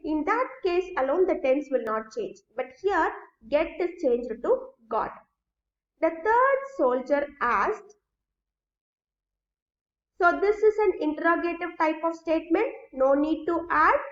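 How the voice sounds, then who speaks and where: A woman teacher giving a recorded grammar lesson. She goes slowly, step by step, and often checks that students follow. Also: high voice. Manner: slow, explains step by step, checks understanding. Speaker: school English teacher. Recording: echoey room, dull lo-fi sound.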